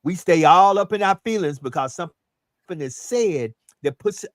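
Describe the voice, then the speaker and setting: A man's voice: sits high, lively intonation, moderate pace, dry recording, clean studio sound. A male radio host who makes his point with repeated words and sayings. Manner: preachy, punchy, repeats words for emphasis. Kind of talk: radio talk show conversation.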